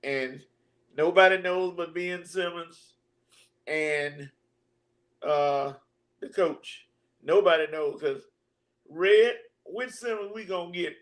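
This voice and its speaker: A man's voice: high-pitched, takes it slowly, long pauses. A man co-hosting a sports talk show, easygoing, running through topics and tossing questions to his partner. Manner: easygoing, laughs at his own jokes, tosses questions. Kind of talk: casual sports banter.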